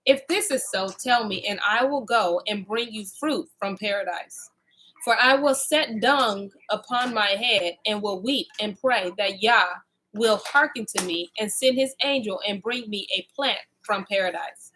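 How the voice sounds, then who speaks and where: A woman's voice: mid-range voice, a little slow, pushed and bright, a little hiss or hum. A woman reading the lines of an earnest, devoted grown son, in her own voice. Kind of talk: reading scripture aloud.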